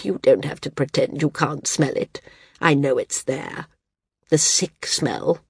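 A woman reading the part of a frail, dying old woman who speaks frankly, wearily and with quiet firmness. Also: deep voice, measured pace, vocal fry, slightly rough, dry recording, clean studio sound, full character voice. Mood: weary. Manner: frank, weary, gently firm.

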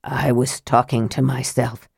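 A woman voicing a frail, guarded young male mage who speaks quietly, tersely and sharply. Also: extremely low pitch, flat delivery, a little slow, creaky, breathy edge, dry recording, studio quality, voice pushed down, exaggerated voice.

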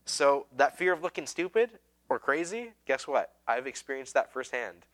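A man's voice: medium pitch, very animated, moderate pace, a bit bright. A man preaching a sermon as a pastor, telling stories in a casual, self-deprecating way with lots of fillers and restarts.

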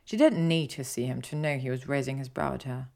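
A woman with a low, deep voice reads a story aloud in an even, steady way. Her narration is calm and measured. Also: gravelly. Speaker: audiobook reader. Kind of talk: fan fiction narration.

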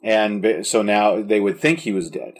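Guy with a lowish voice chatting about a movie, keen, lots of restarts. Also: moderate pace. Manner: enthusiastic, talks in restarts. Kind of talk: casual movie chat.

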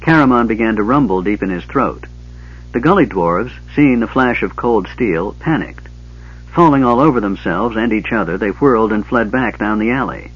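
A man reads fantasy narration in a low voice with a husky grain, keeping a measured, steady pace. The sound is dull and lo-fi, like an old audiobook recording. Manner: measured, even storytelling.

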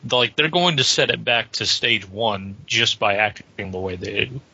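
A man's voice: lowish voice, normal speed, vocal fry, bright, forceful tone, breathy edge, no room sound. A young man in a casual group chat, explaining his points earnestly. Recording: dry, muffled lo-fi recording.

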